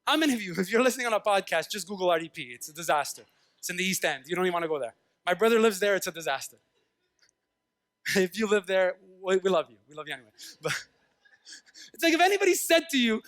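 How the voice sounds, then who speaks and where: A male pastor preaching a lively sermon in a church, acting out voices and swinging from loud outbursts to hushed tones. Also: sits high, quick pace. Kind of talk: animated sermon. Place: church sanctuary.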